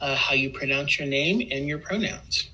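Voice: medium pitch, moderate pace, sharp tone, low-quality recording. A podcast co-host interviewing a colleague in a friendly, teasing way, with laughs slipped between phrases. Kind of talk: casual interview.

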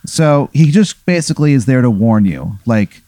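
A man improvising a comic story in a loose, rambling, profane way. His voice is mellow and dark. The recording is dry and close. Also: medium pitch, animated, moderate pace, no room sound.

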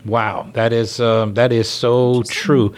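A man's voice: medium pitch, level tone, slow, clean tone. A man hosting a radio talk show, enthusiastic and stumbling over his words. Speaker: radio host.

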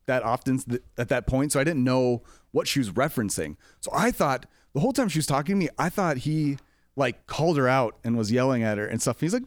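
A man's voice: mid-range voice, brisk, no echo. A man talking in an easygoing, rambling way, telling a long story about his job and jumping into other people's voices as he goes. His voice sits in a middle register. It is recorded close and dry, with no room sound. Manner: rambling, animated retelling with quoted voices. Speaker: comedy club manager. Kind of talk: casual storytelling chat.

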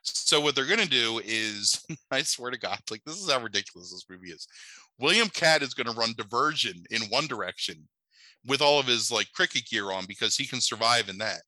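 A man's voice: mid-range voice, lively intonation, fairly quick, sharp tone, no room sound, poor audio. A man casually recapping a bad movie, rambling, swearing and disbelieving, with many filler "like"s. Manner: rambling, profane and incredulous, heavy on "like".

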